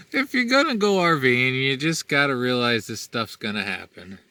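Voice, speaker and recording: A man's voice: mid-range voice, very animated, unhurried, pauses often, sharp tone, no room sound. A man chatting casually in a cooking vlog from inside his RV, upbeat and laughing often. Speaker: RV vlogger.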